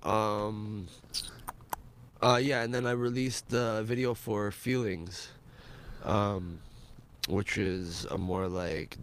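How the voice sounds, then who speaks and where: A man's voice: fairly low pitch, a little hiss or hum. A young man, a rapper guest, telling stories in a rambling way full of likes and ums. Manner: rambling, filler-heavy storytelling with many likes and ums. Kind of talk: casual chat.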